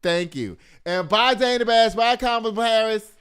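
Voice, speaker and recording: A man's voice: high voice, normal speed, fairly bright tone, soft background music. A man hosting a casual news and gossip commentary show, talking straight to his viewers as "y'all" and swearing freely.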